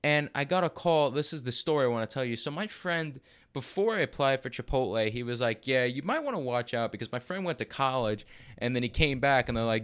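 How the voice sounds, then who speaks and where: A young man from Arizona, his mid-range voice clean and a little fast, tells a rambling, profane story in casual podcast talk. He animatedly acts out the people he quotes.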